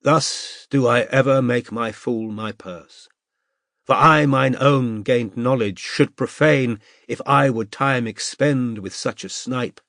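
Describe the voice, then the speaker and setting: A man's voice: mid-range voice, slow, creaky, a bit bright, dry recording, clean studio sound. A man doing an affable young tenor. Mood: declaiming. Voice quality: pleasant tenor. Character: pleasant, eager young balding man.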